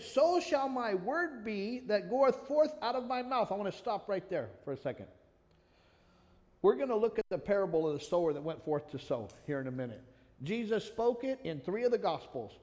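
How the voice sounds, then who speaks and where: A man's voice: high voice, a little mellow, long reverb tail. A man preaching an earnest sermon, reading scripture aloud and speaking directly to listeners by name. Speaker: pastor.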